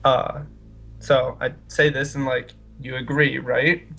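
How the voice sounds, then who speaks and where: Male player, gravelly, casual and rambling, tabletop session. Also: mid-range voice, little pitch movement, slow, bright, forceful tone, soft background music. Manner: casual, rambling, with fillers and restarts. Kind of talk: casual tabletop role-play.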